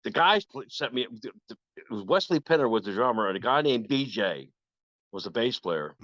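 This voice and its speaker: Older male guest, lively storyteller, dull dry lo-fi sound. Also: medium pitch, moderate pace, no room sound. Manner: animated, acts out quoted voices. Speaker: guest guitarist. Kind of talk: casual storytelling.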